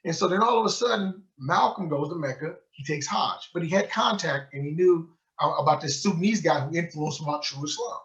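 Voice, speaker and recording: A fairly quick, slightly high-voiced man lectures a book club in the guise of a sheikh, spinning an energetic tale and acting out its quotations. The recording is lo-fi and muffled.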